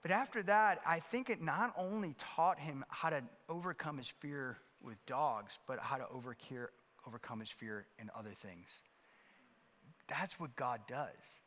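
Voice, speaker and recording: Man, pastor, sermon, bright forceful voice, conversational with fillers, long hall echo. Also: a little high, measured pace. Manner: conversational storytelling with many fillers and restarts. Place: church sanctuary.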